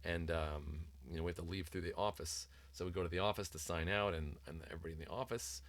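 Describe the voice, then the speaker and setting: A middle-aged man with a very low voice talks through his thoughts in a loose, rambling way, stopping often with ums and restarting his sentences. The sound is dry and close, with no room echo. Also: fairly even intonation, fast talker, few pauses. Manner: rambling, many ums and restarts, mimics sing-song voices in quotes. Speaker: author discussing his book on parenting. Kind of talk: casual reflective talk.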